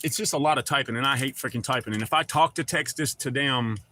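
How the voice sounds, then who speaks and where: Middle-aged man, Southern accent, rambling livestream chat, bright forceful tone, faint hum behind. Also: medium pitch, fast. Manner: rambling, loose and folksy, with casual swearing. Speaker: livestream host. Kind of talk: casual livestream chat, reading viewer comments.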